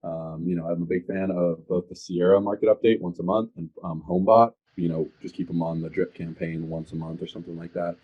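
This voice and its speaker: A man's voice: deep voice, level tone, a little fast, few pauses, narrow, tinny audio. A man, a real estate agent, talking with energy in a casual podcast conversation and acting out sales calls.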